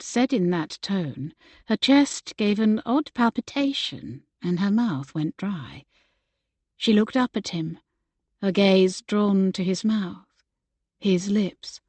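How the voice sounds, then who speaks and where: A woman narrating a romance novel in a gentle storytelling manner. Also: mid-range voice, lively intonation, takes it slowly, no room sound. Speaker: audiobook narrator. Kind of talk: scripted narration.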